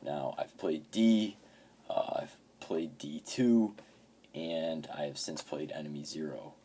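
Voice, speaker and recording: A man's voice: very deep voice, takes it slowly, dark tone, a little hiss or hum. A man in his fifties casually talking about his video game pickups, swearing often and telling rambling stories. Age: 50s. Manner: profane, rambling storyteller. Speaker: game collector.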